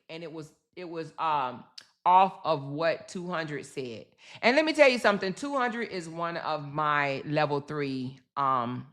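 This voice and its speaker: A woman's voice: medium pitch, fairly bright tone. A woman hosting a casual livestream, reading chat comments aloud and venting bluntly with lots of swearing and repetition. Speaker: livestream host.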